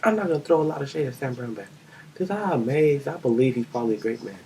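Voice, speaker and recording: A man's voice: medium pitch, expressive, fast talker, a little mellow, a little hiss or hum, low-quality recording. Young man ranting, exasperated and scolding. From Kansas. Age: young adult. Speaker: vlogger. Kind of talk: political rant vlog.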